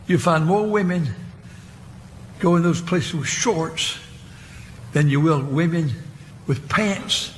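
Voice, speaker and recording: An older man preaching a sermon in a church, rambling and halting and repeating his words. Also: on the high side. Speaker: pastor. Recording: reverberant church hall, faint hiss.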